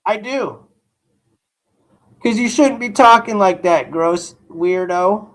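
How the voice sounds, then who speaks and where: A male live-stream host who speaks slowly and deliberately, drawing out his words. He talks straight to his viewers in blunt, profane, rambling rants. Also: sits high. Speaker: livestream host reacting to news.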